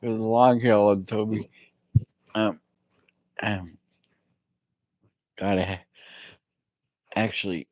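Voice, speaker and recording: A man with a very deep voice tells a personal faith story, wandering off course with halting ums and soft chuckles. The sound is dry and close, with no room around it. The recording is dull and lo-fi. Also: fairly even intonation, dry recording. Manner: rambling, halting, with many fillers and chuckles.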